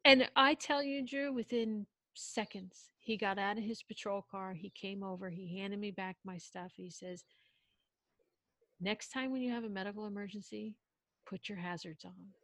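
A woman's voice: mid-range voice, normal speed, dry recording. A woman telling a personal story in casual chat, acting out quoted lines and often breaking off and restarting. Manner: animated, acts out quotes, self-interrupting.

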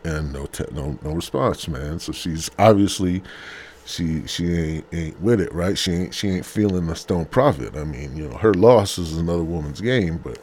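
Low-voiced man, rambling profane podcast talk. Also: moderate pace, darkish tone, husky. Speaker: podcast host. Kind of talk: casual podcast monologue. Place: in bed at home.

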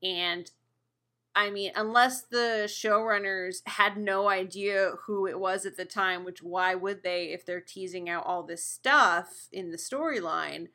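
A woman with a bright, forward voice talks through a TV episode with her co-host. She reasons things out step by step in a relaxed, conversational way. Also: mid-range voice, unhurried. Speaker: podcast co-host. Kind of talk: casual TV recap chat.

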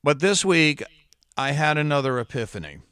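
A middle-aged man hosting a solo podcast in a trained broadcaster's voice, speaking earnestly and with long dramatic pauses. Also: a little high, big pitch swings, a bit bright, smooth, no echo, clean studio sound. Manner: slow deliberate delivery with dramatic pauses; earnest, heartfelt. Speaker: podcast host.

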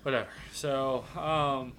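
A man with a bright, forceful voice co-hosts a casual podcast. He recaps a musical with sarcastic jokes and now and then slips into silly voices. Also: medium pitch, fairly even intonation, slow pace, slight background noise. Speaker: podcast co-host.

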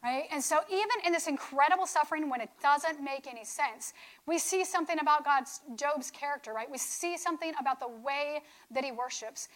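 A woman's voice: high voice, fairly quick, fairly bright tone, low-quality recording. A woman teaching from scripture in a conversational sermon style, often checking in with "right?". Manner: conversational, keeps asking "right?". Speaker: speaker on faith.

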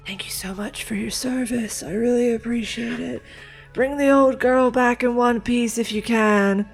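A doddering ancient ship owner, put on by a woman running a tabletop game, with a creaky, drawn-out delivery. The voice sounds thin and frail, and it rises higher and softer than plain speech. Quiet music plays underneath. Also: fairly even intonation. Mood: grateful.

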